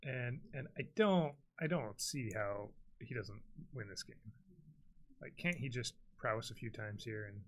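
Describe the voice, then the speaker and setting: A man's voice: mid-range voice, measured pace, slight background noise. A young man chatting casually and calling out plays as a game commentator, laughing often.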